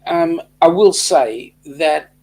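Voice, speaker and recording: A man's voice: on the high side, slow, a little mellow. A middle-aged Australian man co-hosting a casual livestream chat, reading out viewer comments with a joking manner. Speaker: co-host of a cruise chat livestream.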